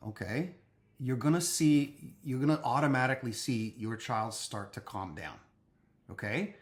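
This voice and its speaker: A man's voice: medium pitch, measured pace. A man speaking to parents in a casual advice talk, conversational, often checking in with "okay?" and restarting his sentences.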